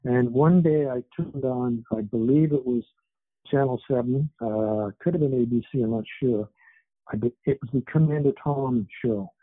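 A man's voice: medium pitch, normal speed, dry recording. A man in his seventies, an author who was born in England and raised in Canada, chatting in a rambling way with many fillers as an interview guest over a tinny phone line. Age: 70s. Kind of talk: casual interview chat.

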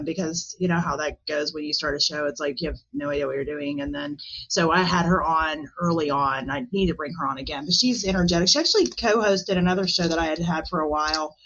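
A woman talking as a podcast guest in a casual interview, chatty and animated, often laughing. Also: low voice, dull audio.

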